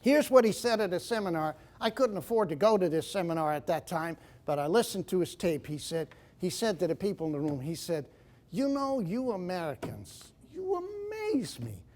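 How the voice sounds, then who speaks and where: A man's voice: a little high, fairly quick, hardly any pauses, darkish tone. An older man, an investment manager, giving an emphatic lecture to an audience, folksy and repeating his key points.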